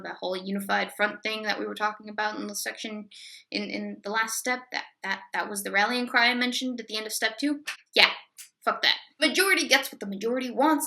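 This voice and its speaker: Woman host of a comedy explainer: sarcastic, crude, bright and sharp-toned, pitched a bit high. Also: vocal fry. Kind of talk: satirical explainer.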